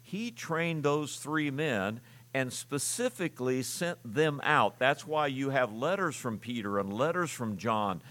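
A man in the pulpit, preaching a sermon with the easy, talky rhythm of a teacher explaining a text. His voice sits at an ordinary middle pitch, and he leans on filler words and small restarts as he works through his points. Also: lively intonation, measured pace, a bit bright. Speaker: pastor.

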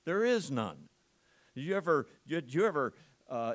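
A man's voice: on the high side, animated, unhurried. A male pastor preaching a sermon at a church service, emphatic and full of rhetorical questions to his congregation.

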